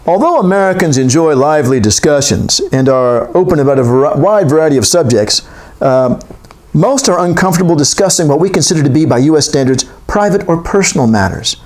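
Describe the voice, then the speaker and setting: A man's voice: on the high side, expressive, brisk, a little mellow. A man giving a classroom lecture, reading from a text and wandering into joking asides.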